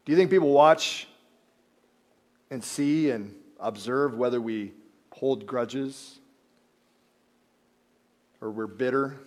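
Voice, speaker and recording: A man preaching a sermon, animated, acting out biblical characters and dropping to quiet emphasis. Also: medium pitch. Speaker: pastor.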